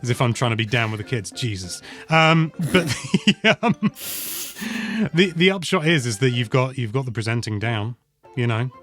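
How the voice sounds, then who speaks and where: A man's voice: mid-range voice, animated, moderate pace, fairly bright tone, faint music behind. A man hosting a casual chat, rambling and self-mocking, with lots of hesitations and restarts. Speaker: host.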